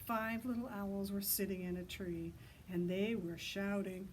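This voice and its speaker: A woman librarian leading a children's story time outdoors, reading in an animated sing-song way and hooting loudly to get kids to join in. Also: mid-range voice, unhurried, slight background noise, low-quality recording.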